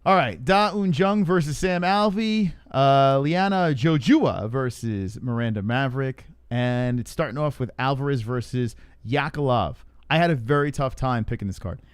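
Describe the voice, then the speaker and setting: Guy cohosting a podcast, swears a lot, bouncy animated voice, dead dry mic. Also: mid-range voice, moderate pace, few pauses, clear, resonant tone, no echo. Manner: animated, swears often, mocks critics. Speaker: co-host. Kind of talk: casual podcast chat.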